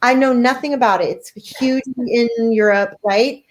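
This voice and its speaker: A woman's voice: on the high side, a little slow. A middle-aged woman, an author as interview guest, gushing and swearing casually as she chats.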